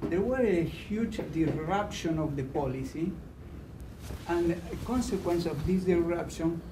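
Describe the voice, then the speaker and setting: A man's voice: a little high, a little slow. Man, audience question, hesitant, non-native phrasing, far off mic, roomy echo. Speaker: audience member asking a question. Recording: distant, roomy, noisy hall sound.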